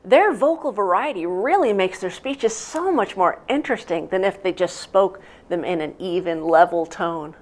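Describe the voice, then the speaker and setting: Woman teaching with a lively, expressive voice. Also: moderate pace, few pauses. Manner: expressive, varies loudness and pitch. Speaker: public speaking teacher. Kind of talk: instructional narration.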